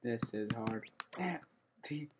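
A young man hosts a gaming channel, giving relaxed let's-play commentary while slightly out of breath, with noise in the background. His medium-pitched voice is animated but slow, and he often blurts a startled "oh" and hums "da da da" when concentrating.

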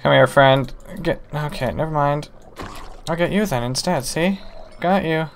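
A man's voice: a little high, unhurried, soft background music. A man playing a video game and commenting live, talking to himself and the game with mock-exasperated outbursts. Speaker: gaming YouTuber.

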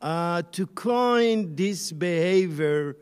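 A man lecturing on the Bible, slow and searching, pausing and restarting as he thinks. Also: high-pitched, expressive, clean tone, big-room sound. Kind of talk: online lecture.

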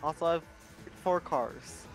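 A man's voice: fairly high pitch, unhurried, faint music behind, rough recording. Eager, repetitive young-sounding gamer guy. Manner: eager, repeats himself, apologetic. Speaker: gaming guest. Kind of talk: casual gaming chat.

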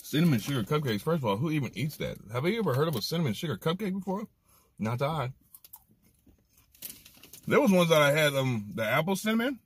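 A man's voice: fairly high pitch, sing-song, a little fast, long pauses, slight background noise. A man hosting a casual snack review vlog, talking with slang and open emotion. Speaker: food reviewer host.

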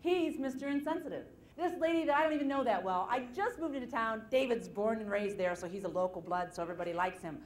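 A motivational seminar speaker, a woman with a slightly high voice, talks fast and barely pauses while addressing a live audience from the stage. Her personal anecdotes carry self-deprecating jokes, and she performs the quoted voices with animation. The room sounds roomy, with a little hiss or hum.

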